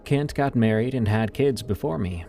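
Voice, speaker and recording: A man reading a first-person horror story in a measured, ominous way. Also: medium pitch, vocal fry, mellow, faint music behind.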